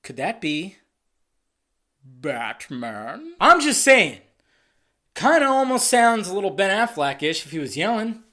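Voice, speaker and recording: Excitable, swearing trailer reviewer man. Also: high voice, unhurried, long pauses. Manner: excitable, profane, rambling speculation. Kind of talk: casual video commentary.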